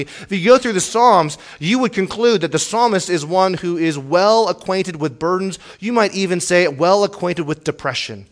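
A man's voice: high voice, lively intonation, moderate pace. A pastor giving a sermon in an earnest, searching way, his voice sitting a little above the usual for a man. He stumbles over and repeats small words as he gathers his thoughts, then presses hard when he reads the psalms aloud. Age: young adult or middle-aged, has children. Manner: earnest preaching, rising to pleading when reading scripture; repeats words as he restarts phrases.

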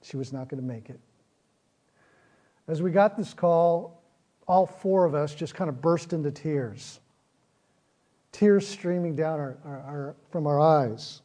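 Man, pastor, sermon, mellow tone, slightly high voice, earnest build-ups. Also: takes it slowly, long pauses. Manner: earnest, repetitive phrasing, rises in intensity.

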